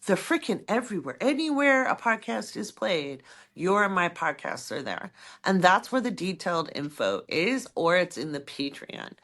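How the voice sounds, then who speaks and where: A middle-aged woman chats loosely on a podcast, her voice sitting low. She swings her pitch widely as she rambles from one story to the next. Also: sing-song, normal speed, a bit bright. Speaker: podcast co-host. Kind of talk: casual podcast chat.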